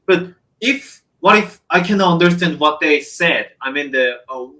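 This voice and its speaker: A man, a student asking his tutor questions on a video call and pausing often with "uh". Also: on the high side, animated, sharp tone, slight background noise, poor audio. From South Korea. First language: Korean. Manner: hesitant, many "uh" fillers. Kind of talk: online tutoring session.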